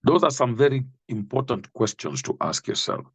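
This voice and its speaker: A man preaching a sermon, reading and explaining Bible verses slowly and emphatically, speaking directly to the listener. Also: mid-range voice, sing-song, vocal fry, husky, no echo.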